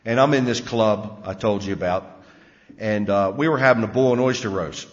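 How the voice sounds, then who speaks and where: A man's voice: lowish voice, normal speed. A middle-aged man tells his own recovery story at a meeting, plainspoken, with many fillers and repeated words. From Maryland. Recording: muffled recording in a reverberant hall.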